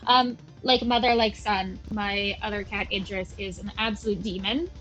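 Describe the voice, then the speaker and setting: A woman's voice: medium pitch, fairly even intonation, moderate pace, fairly bright tone, soft background music, poor audio. A young woman chatting casually and self-deprecatingly as she comments on a game she is playing at home, drifting off into tangents. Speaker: gaming channel host. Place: at home with her cats.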